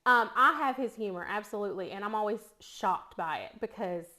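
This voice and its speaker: A woman's voice: mid-range voice, animated, a little fast, pushed and bright. A middle-aged woman with an East Tennessee accent, chatting casually and telling stories while she cooks, laughing often. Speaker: cooking vlogger. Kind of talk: casual chat while cooking.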